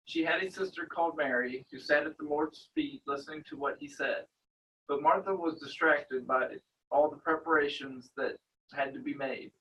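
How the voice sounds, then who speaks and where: Man reading scripture, bright tense voice, heard from a distance. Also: on the high side, moderate pace. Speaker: Bible study group member. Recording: distant room recording with faint noise.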